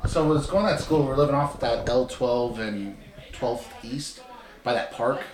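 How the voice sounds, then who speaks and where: A woman's voice: a bass voice, moderate pace, a little mellow, echoey room, rough recording. A woman on a podcast telling a story in a loose, swearing way. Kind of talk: casual podcast chat.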